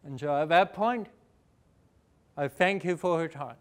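A young man from New Zealand with a New Zealand accent, giving a fast, emphatic motivational talk and asking the audience questions. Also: on the high side, clear, resonant tone. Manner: fast-talking, rising and falling for emphasis, asks the audience questions. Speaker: inspirational speaker. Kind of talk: motivational speech.

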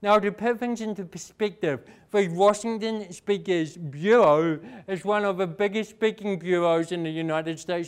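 A young man from New Zealand with a New Zealand accent, giving a fast, emphatic motivational talk and asking the audience questions. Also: high voice, smooth. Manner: fast-talking, rising and falling for emphasis, asks the audience questions. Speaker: inspirational speaker. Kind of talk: motivational speech.

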